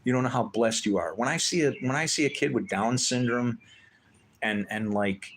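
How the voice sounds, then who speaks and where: A male livestream host with a mid-range voice rants at a moderate pace, heated and preachy, swearing heavily. There's slight background noise.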